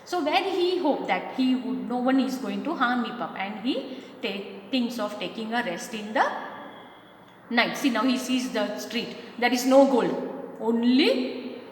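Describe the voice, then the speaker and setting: A woman teaches a class, going through the lesson point by point and checking in with "right?" as she goes. Her voice sits a little high. She is recorded in a hall-like room with a long echo and faint ambience behind her. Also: measured pace, a little hiss or hum. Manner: explains step by step, often checking with "right?". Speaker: school English teacher. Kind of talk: classroom lesson explaining a textbook.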